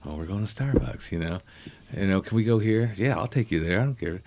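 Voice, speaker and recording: A man's voice: fairly low pitch, lively intonation, brisk, noisy background. A middle-aged man telling rambling, self-deprecating family anecdotes in a casual chat, acting out the people he quotes. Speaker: comedian guest.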